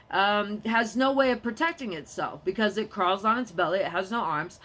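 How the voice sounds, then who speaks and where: A young adult woman talking to camera in a rambling casual monologue, jumping between topics and quick to get heated. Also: mid-range voice, a bit bright. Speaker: vlogger.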